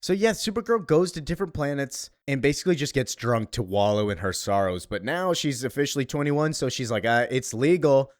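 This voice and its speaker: A man's voice: mid-range voice, very animated, fairly quick, few pauses, no room sound, studio quality. Chatty man recapping a comic. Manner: chatty, loose paraphrasing with fillers. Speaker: host. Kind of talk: casual comic book recap.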